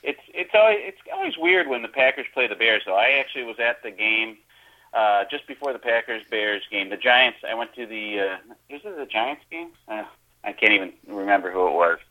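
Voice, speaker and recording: A man's voice: on the low side, lively intonation, a little fast, highs cut off. A man with a Wisconsin accent, a guest comic on a podcast, teasing and swearing casually. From Appleton, Wisconsin. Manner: joking, teasing, swears a lot. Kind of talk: casual comedy podcast chat.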